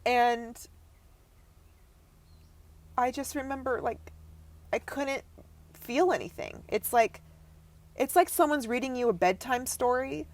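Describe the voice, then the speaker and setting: A young adult woman, a podcast guest, telling a painful personal story in a halting way, often breaking off and dropping her voice low. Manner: halting, breaks off and restarts, voice drops to near whisper at times.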